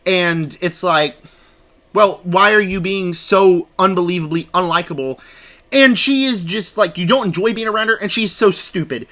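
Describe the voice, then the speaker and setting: A young man casually reviewing movies in a rambling, animated way, acting out scenes with quick impressions. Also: high-pitched. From United States.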